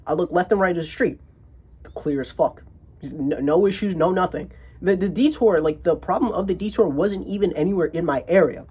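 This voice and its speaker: A young man telling a comedic story about his day, animated and heavily profane, often restarting his sentences. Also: sits high, moderate pace, breathy edge.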